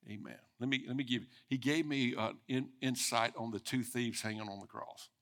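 A man's voice: medium pitch, steady tone, normal speed. Man preaching a conversational sermon. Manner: conversational preaching, speeding up and swelling in loudness for emphasis. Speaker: pastor.

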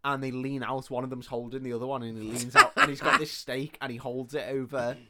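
Talking a little fast over heavy background noise, this mid-range male co-host retells a movie's story on a podcast. He swears casually and animatedly voices the characters' dialogue.

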